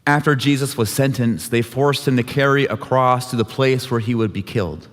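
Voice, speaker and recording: Leading a church service, a man recounts a scripture story dramatically, giving each character a light voice of its own. He speaks at medium pitch and moderate pace, and the sanctuary adds a long, hall-like reverb.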